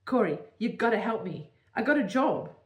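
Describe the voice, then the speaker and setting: A woman's voice: fairly high pitch, big pitch swings, moderate pace, roomy sound, recorded from a distance, dull audio. A woman reading her own story aloud, voicing the heroine's eager, slightly flustered young friend. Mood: excited.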